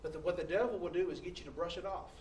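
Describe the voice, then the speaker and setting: A man preaching a sermon with a high voice, caught from some distance in a reverberant church hall. He tells stories in a confessional way and swings between hushed and loud, exasperated passages. Faint room ambience sits behind him. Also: very fast, slight background noise.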